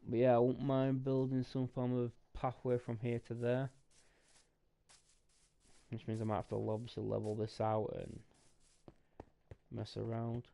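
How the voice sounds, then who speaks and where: A man's voice: mid-range voice, completely flat delivery, measured pace, creaky, pauses often, warm tone. A tired man, thinking aloud as he plays a building game. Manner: thinking aloud, rambling and musing. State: tired and sleepy. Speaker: gaming streamer. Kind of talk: casual gameplay commentary. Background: background music.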